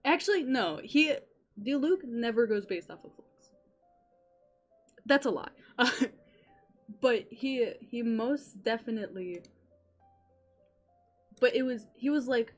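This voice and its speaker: Excitable swearing young woman streamer. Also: on the high side, takes it slowly, pauses often, faint music behind. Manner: excitable, swearing, giggly, rambling. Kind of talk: casual game stream chatter.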